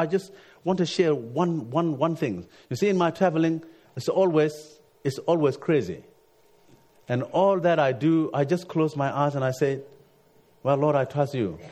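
Halting preacher man, frequent restarts. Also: mid-range voice, a little mellow. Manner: halting, repeats words, frequent "you see". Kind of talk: sermon with personal story.

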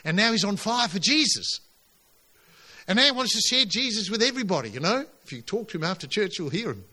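A man preaching a sermon to his congregation, emphatic and animated, pushing his voice up on key lines. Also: high-pitched, brisk. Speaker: pastor.

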